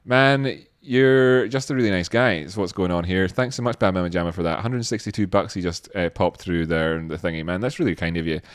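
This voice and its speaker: A man's voice: low voice, brisk, few pauses, smooth, no room sound, clean studio sound. Laid-back Scottish man chatting on a livestream. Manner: rambling, laid-back, with frequent fillers. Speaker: livestream host. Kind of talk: casual livestream chat.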